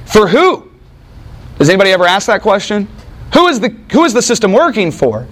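A man preaching a sermon in an animated, conversational way, with joking asides to the congregation. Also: high-pitched, fairly quick. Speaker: pastor.

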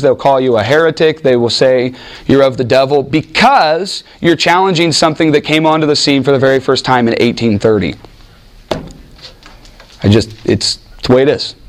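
A man teaching a Bible class in an animated, informal way, restarting sentences often and acting out what people say. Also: medium pitch. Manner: animated, with frequent restarts and acted-out quotes. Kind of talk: informal teaching talk with anecdotes.

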